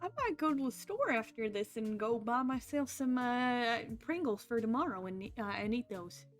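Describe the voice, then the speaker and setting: A woman's voice: a little high, lively intonation, moderate pace, soft background music. A woman hosting a live stream, chatting casually in a rambling, laughing way. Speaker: streamer host.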